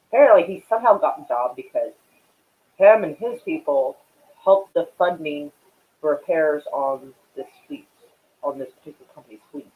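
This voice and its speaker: Casual male streamer, chatty and foul-mouthed, smoking on air; slightly high voice through a thin, phone-like recording. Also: animated, normal speed. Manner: rambling and profane, many fillers; smoking while talking. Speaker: live-stream host. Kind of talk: casual live-stream chat with viewers.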